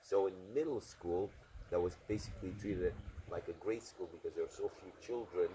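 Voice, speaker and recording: Chatty low-voiced male interviewer. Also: fairly quick. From Romania. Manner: chatty, hesitant, with many fillers. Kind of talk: casual interview. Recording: noisy background.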